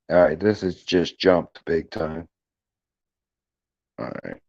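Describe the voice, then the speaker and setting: A deep-voiced middle-aged man with lively intonation and a somewhat dark tone takes his time on a livestream. He reads the live comments, joking with viewers loosely and profanely over a headphone-and-computer-mic setup. The recording is dry and dull.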